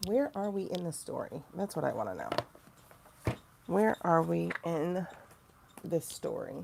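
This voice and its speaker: Gravelly, animated woman reading tarot. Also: on the low side, measured pace, noisy background. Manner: chatty, animated, talks to viewers by name; mocking asides, sudden loud exclamations. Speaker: tarot reader and livestream host. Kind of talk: casual livestream tarot reading.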